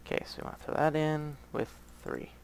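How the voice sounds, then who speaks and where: This gaming channel host is a man with a light Southern US accent, doing casual gameplay commentary while rambling, thinking aloud and often muttering to himself. His voice sits on the high side and is gravelly, and he talks fairly quickly. There's a little hiss or hum in the audio.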